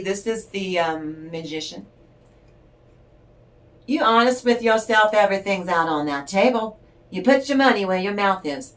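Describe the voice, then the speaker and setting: Animated and fairly bright, this older tarot reader's medium-pitched voice moves at a moderate pace as she chats, tells rambling stories and laughs a lot during a casual spiritual reading. The mic picks her up from a distance.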